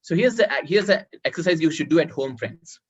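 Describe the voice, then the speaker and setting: A man teaches public speaking in an online workshop over a video call, giving instructions and repeating words so people can note them. His fairly high voice is expressive and fairly quick with a breathy edge, and the video call audio is dull and lo-fi.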